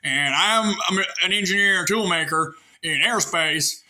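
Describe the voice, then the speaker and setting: A man with a rural American accent voicing his own inner engineer voice, quick and folksy. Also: sits high, pushed and bright, heavily acted. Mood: boastful. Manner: quick, matter-of-fact, folksy.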